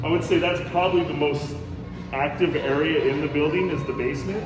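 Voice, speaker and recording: A man's voice: fairly high pitch, brisk, reverberant, over music, rough recording. A man, a hotel manager, telling a ghost story in casual chat, acting out what people said and saying bro and dude. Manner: animated, acts out quotes, says bro and dude.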